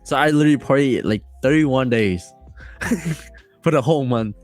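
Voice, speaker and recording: A man as a podcast guest telling a story casually, rambling and excited, with many fillers and restarts. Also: medium pitch, moderate pace, soft background music.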